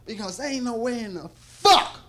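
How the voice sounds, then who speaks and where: A stand-up comedian with a very high-pitched, expressive, bright and forceful voice rambles through a profane set at normal speed on a club stage. He laughs often and keeps restarting sentences. It's a live club recording, with audience noise in the background.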